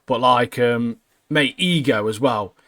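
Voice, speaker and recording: A man co-hosting a podcast, talking excitedly and laughing often. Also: mid-range voice, slow pace. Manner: excitable, laughs a lot, says "mate" constantly. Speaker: podcast co-host. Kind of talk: casual chat.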